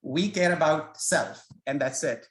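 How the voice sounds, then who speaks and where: A man's voice: a little high, measured pace, reverberant, rough recording. A man leading a scripture study session, talking in a hesitant, conversational way and telling stories as he explains. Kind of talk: informal spoken lecture with storytelling. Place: self-recorded study session.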